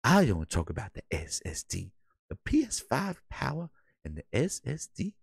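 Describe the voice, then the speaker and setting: A man doing a comic impression of a famous console architect: a low, muttering voice, indignant and swearing. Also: huge pitch swings, moderate pace, gravelly, slightly rough, no room sound, studio quality, full character voice. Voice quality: low, muttering, mumbled under the breath.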